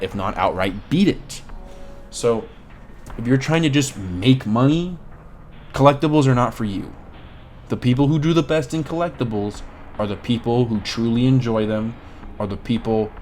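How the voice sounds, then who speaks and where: A man's voice: on the low side, a little mellow, a little hiss or hum. A man giving casual, opinionated commentary as a video creator, blunt and swearing freely.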